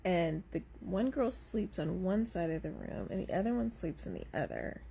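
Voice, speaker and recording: Brief: woman, relaxed first-person storyteller, gravelly fry, mellow dark tone. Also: fairly low pitch, moderate pace, slight background noise. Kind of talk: casual storytime before bed.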